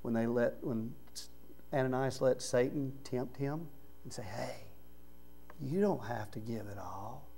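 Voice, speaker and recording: A man preaching a sermon in church, talking conversationally and swinging from quiet low murmurs to loud, raised emphasis. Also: a little slow, creaky, pauses often, slightly rough. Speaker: pastor. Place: church sanctuary.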